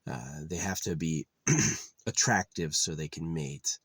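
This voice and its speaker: A man with a very low voice rambles through a loose, swearing monologue, circling back on himself with lots of "like" and "uh". The sound is dry and close, with no room around it. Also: animated, slow pace, slightly rough, no echo. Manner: meandering, profane, frequent fillers and restarts. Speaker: vlogger.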